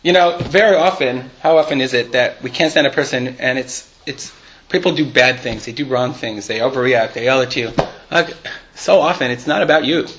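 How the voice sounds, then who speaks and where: A man's voice: mid-range voice, normal speed, a bit bright, dull audio, slight background noise. A man teaching a live Torah class. He reads Hebrew and Aramaic passages aloud, explains them conversationally and asks his students questions.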